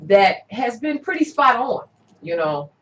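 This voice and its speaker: Relaxed, drawn-out woman herbalist host. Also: a little high. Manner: relaxed, drawn-out, with frequent "you know" and "um". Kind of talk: casual conversational interview. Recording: roomy, dull-sounding recording.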